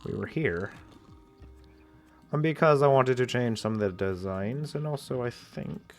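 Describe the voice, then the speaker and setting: A man's voice: medium pitch, a little slow, vocal fry, faint music behind. A man giving casual, rambling let's-play commentary in a playful way, often restarting his sentences. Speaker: gameplay commentator.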